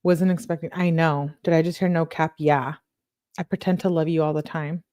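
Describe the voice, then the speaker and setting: A woman's voice: deep voice, steady tone, moderate pace, warm tone, dry recording, muffled recording. A woman chatting casually and reading text messages aloud as a commentator, laughing and talking to her viewers. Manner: chatty, laughs often, talks to chat. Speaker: true crime commentator reading texts.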